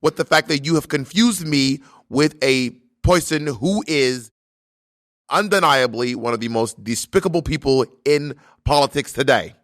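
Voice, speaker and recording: A man doing an impression of an elderly male senator, slow and halting, full of "uh"s and offended dignity. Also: mid-range voice, a bit bright, dry recording, clean studio sound, voice pushed up, natural voice. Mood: indignant. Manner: slow, halting delivery with many "uh"s.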